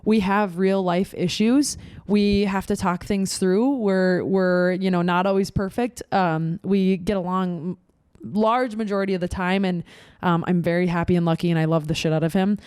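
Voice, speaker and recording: A woman's voice: on the low side, steady tone, normal speed, a little mellow, clear, resonant tone, no room sound, studio quality. A woman in her twenties co-hosting a podcast, telling candid stories in a rambling, filler-heavy way. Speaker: podcast co-host. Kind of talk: casual chat.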